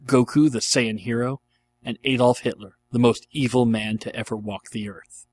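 A man's voice: medium pitch, fairly even intonation, normal speed. A man reading a dramatic fan fiction aloud in an earnest, storytelling manner. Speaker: narrator.

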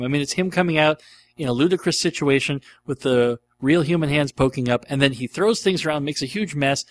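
A middle-aged man hosting a casual question-and-answer show, rambling and enthusiastic, with many ums and uhs. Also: mid-range voice. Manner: rambling and enthusiastic, with frequent fillers. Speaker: podcast host answering listener questions. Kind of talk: casual chat.

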